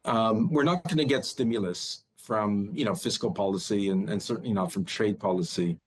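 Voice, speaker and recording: A man's voice: lowish voice, normal speed, low-quality recording. A man speaking as a bank strategist guest in a news interview, often repeating words as he starts a thought.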